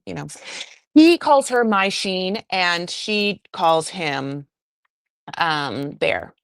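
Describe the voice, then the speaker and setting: A woman hosting a podcast, chatting in a gossipy, animated way full of asides as she recaps a reality show. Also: medium pitch, unhurried, no room sound, studio quality. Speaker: podcast host.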